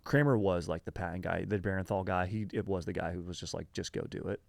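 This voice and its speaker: A man's voice: sits low, steady tone, quick pace, vocal fry, darkish tone, dry recording. A man hosting a podcast, telling a history story in a rambling, slangy, casual way full of fillers. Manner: rambling, filler-heavy, slangy, says dude and bro.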